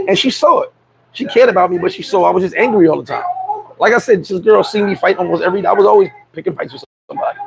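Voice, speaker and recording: Speaking in a high-pitched voice with vocal fry, this middle-aged vlog host shares a frank personal story with street-smart flair. He keeps restarting, repeating himself, and dropping "you know what I'm saying." The low-quality recording carries loud crowd chatter behind him.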